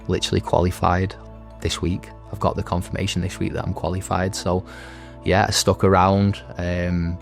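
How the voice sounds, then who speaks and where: A man in his thirties tells his own story in a deep, low voice, halting and restarting as he goes. His delivery stays even and level, with little rise and fall, and soft music plays faintly behind him. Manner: earnest, halting, with many restarts. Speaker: veteran and recovery centre graduate and staff member. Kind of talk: personal testimony.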